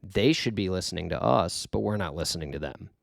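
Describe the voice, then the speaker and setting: Middle-aged male host, gravelly low voice, earnest rambling delivery, dry close mic. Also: animated, a little fast, dry recording. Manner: earnest, rambling, with many fillers and restarts. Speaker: podcast host giving life advice. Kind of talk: casual reflective monologue.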